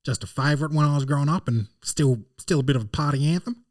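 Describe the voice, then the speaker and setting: Mumbly aussie dad in his fifties, higher and offhand, put on by a podcast guy. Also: quick pace, no room sound, clean studio sound, close to an everyday voice. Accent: Australian. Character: laid-back Aussie man in his fifties.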